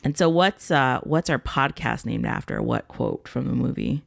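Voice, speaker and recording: Gravelly-voiced podcast co-host. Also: medium pitch, lively intonation, moderate pace. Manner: teasing, asks the questions. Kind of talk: casual chat.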